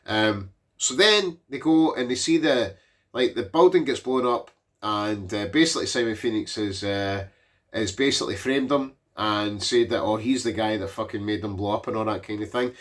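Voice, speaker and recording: A man's voice: fairly low pitch, normal speed. Rambling, swearing man in his forties. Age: 40s. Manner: rambling, swearing, with frequent fillers. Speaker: movie reviewer. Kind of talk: casual rambling film recap.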